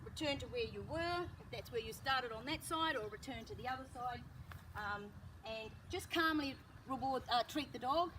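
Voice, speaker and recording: High-voiced woman dog trainer outdoors. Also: moderate pace. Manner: calm explaining, bursts of high praise to the dog. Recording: distant mic with loud outdoor noise.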